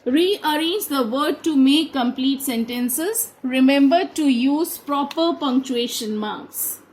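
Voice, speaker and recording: A woman teacher gives a grammar lesson in a high voice. She reads each example sentence deliberately and at an unhurried pace. Then she names what kind of sentence it is. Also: a little mellow, poor audio. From India. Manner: slow, deliberate, spells out each answer. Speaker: school teacher. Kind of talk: grammar lesson read aloud to a class.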